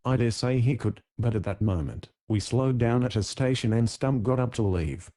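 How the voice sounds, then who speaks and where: Reading an audiobook from a script, a man speaks in a relaxed, mellow mid-range voice, holding a steady, measured pace throughout the story.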